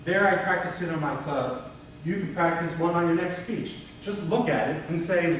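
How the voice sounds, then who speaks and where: A man leading a conference workshop on public speaking, talking in a conversational, animated way to an audience. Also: high voice, normal speed, far from the mic, a little hiss or hum. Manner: conversational, animated, demonstrates tones with his voice. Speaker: workshop presenter. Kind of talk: conference breakout talk. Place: conference room before an audience. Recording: very echoey room recorded from afar.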